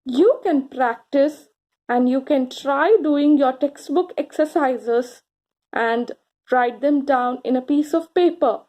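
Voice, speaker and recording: A woman teaching grammar to children, speaking slowly and encouragingly, stretching out key words and pausing for answers. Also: high-pitched, warm tone, low-quality recording. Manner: slow, encouraging, drawn-out words with pauses for answers.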